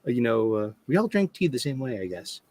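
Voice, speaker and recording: A man's voice: medium pitch, big pitch swings, a little fast, darkish tone, no room sound. A man from the area, swearing freely as he tells jokey stories in a casual chat. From Boston area. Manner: joking, profane storyteller.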